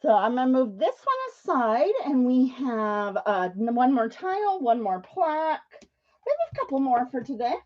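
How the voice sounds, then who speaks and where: A woman's voice: sits high, sing-song, normal speed. A woman chatting casually to viewers while demonstrating paint pouring live, laughing often as she works. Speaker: paint pouring livestream host. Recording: dull lo-fi stream audio.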